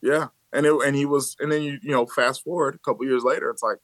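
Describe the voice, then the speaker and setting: A man's voice: mid-range voice, fast, no room sound. A man in his thirties from the Chicago area, a baseball coach telling stories as a podcast guest, laughing often and acting out quoted lines. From Chicago area, USA. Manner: animated storyteller who laughs often and acts out quotes. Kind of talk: casual conversational storytelling.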